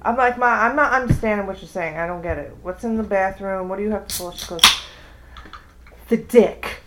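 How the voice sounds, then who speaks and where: Animated woman telling a funny story. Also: fast talker, heavy background noise. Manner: acts out quotes with big pitch jumps. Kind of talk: casual chat, animated storytelling.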